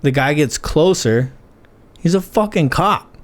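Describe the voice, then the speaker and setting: A man's voice: a little high, measured pace. Young man telling a profane story. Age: 20s. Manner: profane, animated storytelling with quoted dialogue. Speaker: podcast guest. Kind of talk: casual chat, storytelling.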